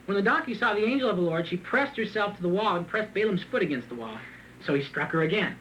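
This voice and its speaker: A man preaching a sermon, reading scripture and then retelling it in a joking, animated way with frequent laughs. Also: high-pitched, fast, slight background noise, poor audio. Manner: animated, joking, laughs often at his own asides; reads scripture aloud and then retells it in plain talk. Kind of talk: sermon with Bible reading and commentary.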